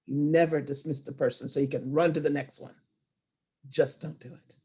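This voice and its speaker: A woman presenting an online storytelling workshop over a video call, expressive and animated, moving from hushed asides to loud emphasis. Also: low voice, normal speed, husky.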